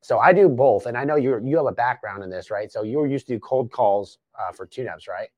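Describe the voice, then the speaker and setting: A man's voice: medium pitch, brisk, a little mellow, dry recording. A man hosting a business podcast, coaching emphatically and swearing at times. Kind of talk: casual business podcast chat.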